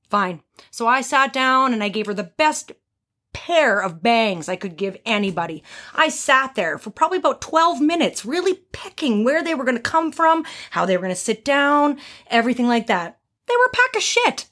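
A woman who works as a hairstylist, telling a story on a podcast in a blunt, animated way and swearing freely. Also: high voice, normal speed.

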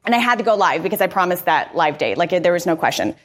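A woman podcaster giving a live conference talk, energetic, candid and conversational. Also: fairly low pitch, fast talker.

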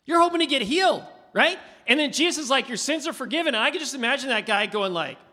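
A man preaching a sermon, asking his listeners questions in an animated, conversational way. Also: very high-pitched, fast talker. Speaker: pastor. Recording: hall reverb.

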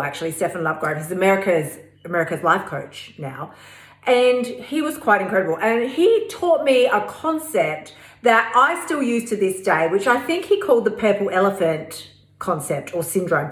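A woman's voice: medium pitch, a bit bright. A woman hosting a podcast, talking in a chatty, emphatic way with playful asides. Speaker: podcast host. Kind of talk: casual motivational podcast talk. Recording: roomy sound with faint music.

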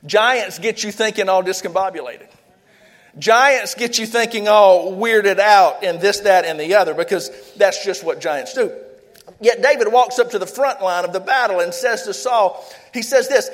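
Fervent high-voiced preacher in echoing hall. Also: male voice, normal speed. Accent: South Louisiana. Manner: fervent, call-and-response preaching. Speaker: pastor. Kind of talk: sermon. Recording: echoey hall, long reverb.

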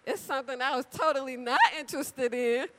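A woman preaching an animated, chatty sermon, talking straight to the congregation and acting out little conversations. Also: high-pitched, fairly quick. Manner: animated, chatty, addresses crowd directly; acts out dialogue with big voice swings. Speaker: church speaker. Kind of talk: lively sermon with storytelling.

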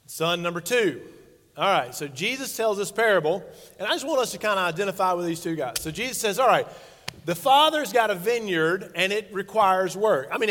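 A man's voice: high voice, a bit bright. A man in his forties, a pastor preaching a sermon in a playful, conversational way and acting out quotes. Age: 40s. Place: church sanctuary stage. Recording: long reverb of a large hall.

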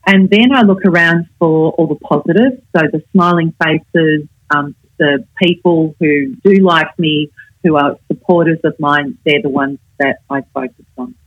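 An older woman, a communication coach, explaining her advice in a measured, instructive way in a casual interview. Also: low-pitched, fairly even intonation, no echo, muffled recording.

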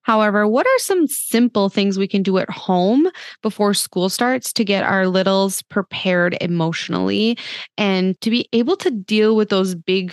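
A woman's voice: mid-range voice, no echo, studio quality. A woman in her thirties hosting a podcast, talking in a casual, earnest, chatty way with lots of "like" fillers. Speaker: podcast host.

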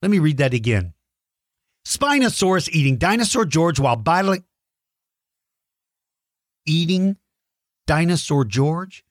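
Excitable man hosting a kids' podcast. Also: fairly high pitch, moderate pace, no room sound, clean studio sound. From Texas. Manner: enthusiastic, exclamatory. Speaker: podcast host. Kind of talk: kids' podcast shout-outs.

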